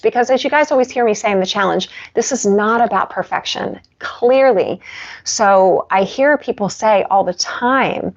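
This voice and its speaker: A woman's voice: mid-range voice, moderate pace, muffled recording. A woman yoga instructor chatting casually on a live stream from her living room and reading from her book. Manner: chatty and warm with pets, laughs often.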